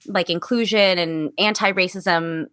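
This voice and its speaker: A woman actress speaks as an interview guest in an earnest, reflective way, circling back and restarting as she thinks aloud. Her voice is bright and forward, and it sits close and dry with almost no room around it. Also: fairly low pitch, fairly even intonation, unhurried, clear, resonant tone, no echo. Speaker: musical theater actress, guest. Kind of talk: candid casual conversation.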